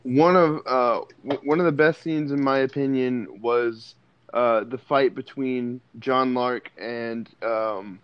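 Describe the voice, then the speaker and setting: A man with a smooth, resonant voice chats about movies, often stumbling and restarting as he goes. The sound is dry and a little dull, with little room. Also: mid-range voice, fairly even intonation, slow pace, no room sound. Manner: hesitant, many restarts. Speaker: podcast co-host. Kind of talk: casual movie review chat.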